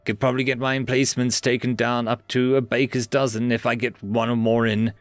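A man's voice: medium pitch, little pitch movement, brisk, no room sound, natural voice. Man doing a breezy tough human soldier. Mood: casual. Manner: casual, shrugging, folksy. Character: cheerful, tough, reckless human male soldier.

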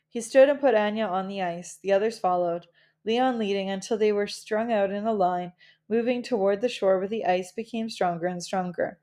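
Reading a children's novel aloud, a woman with a mid-range voice narrates as an audiobook reader in a calm, gentle, measured storytelling style.

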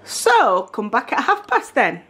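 A woman's voice: a little high, wildly swooping pitch, measured pace, fairly bright tone. A middle-aged woman with a South Yorkshire accent, chatting casually as she narrates her daughter's baking for a family vlog in a home kitchen. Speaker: mum filming a family vlog.

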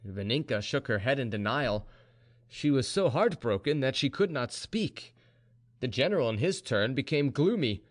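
A man reading an audiobook as narrator, expressive and giving each character a voice of his own. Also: mid-range voice, normal speed.

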